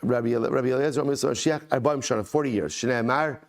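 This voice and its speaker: A man's voice: medium pitch, fast. Man, rabbi, Talmud class, mid-range voice, chants the text then explains it, enthusiastic, repeats for emphasis.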